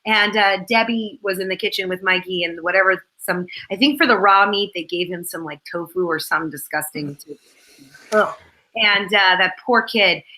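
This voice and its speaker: A woman's voice: medium pitch, moderate pace, sharp tone, low-quality recording. An actress, a woman, chatting as a guest and rambling through behind-the-scenes stories. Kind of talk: casual chat.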